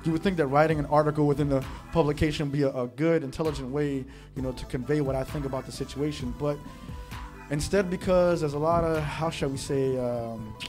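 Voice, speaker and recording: A young man from the Bronx telling a story in an animated monologue, acting out what other people said to him. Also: on the high side, brisk, faint music behind. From the Bronx, New York. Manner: animated, quotes others in changing voices. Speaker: monologue host.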